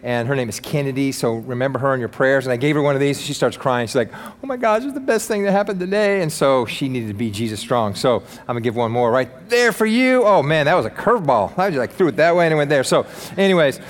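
An upbeat male pastor preaches in a casual, joking manner, his voice sitting at an ordinary middle pitch. Long reverb from a large church sanctuary trails after each phrase. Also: lively intonation, quick pace. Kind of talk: sermon.

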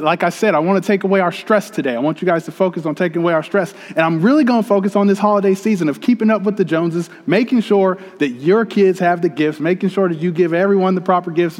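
A man's voice: on the high side, big-room sound. A man preaching a sermon, telling a personal story in a conversational way to his congregation. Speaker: pastor.

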